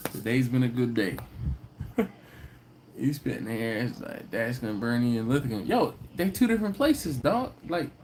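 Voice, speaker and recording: A man chats casually on a live stream, his pitch sitting in the middle of the range. He tells stories with laughs and mimics the people he quotes. A faint hum stays under his voice. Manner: storytelling, laughs often, acts out quoted people in a higher voice. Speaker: host of a live barbecue channel stream.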